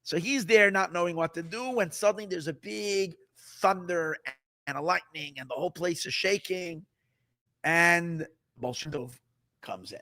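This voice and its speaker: A man, a rabbi, telling a story in a sermon, animated and repetitive, dropping in Yiddish words. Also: sits high, measured pace.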